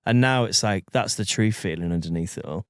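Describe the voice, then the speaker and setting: A man's voice: fairly low pitch, fairly quick, smooth, no room sound, clean studio sound. A man, co-hosting a casual podcast, mostly chiming in with short replies and teasing jokes. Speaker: podcast co-host. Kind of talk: casual chat.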